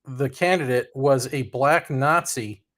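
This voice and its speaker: A man's voice: medium pitch, measured pace, a bit bright. A man co-hosting a live podcast, making sardonic, rambling asides about the election. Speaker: podcast co-host. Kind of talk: casual live election chat.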